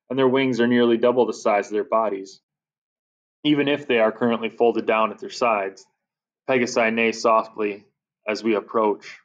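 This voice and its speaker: A man giving lively, expressive first-person narration of a children's audiobook. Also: medium pitch, dull audio.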